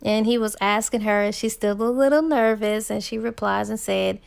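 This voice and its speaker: A woman's voice: mid-range voice, normal speed, gravelly, clear, resonant tone. A young woman casually retelling a romance novel, chatty with frequent laughs and fillers. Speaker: book reviewer.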